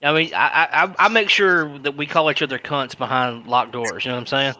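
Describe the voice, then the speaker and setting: A man's voice: medium pitch, fairly quick, pushed and bright. A man co-hosting a casual online chat, blunt and emphatic, often repeating himself.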